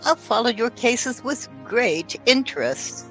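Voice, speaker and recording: A woman voicing a gentle, genteel elderly lady detective with a fussy, polite manner. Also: fairly high pitch, sing-song, takes it slowly, faint music behind, full character voice, low-quality recording. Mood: gracious.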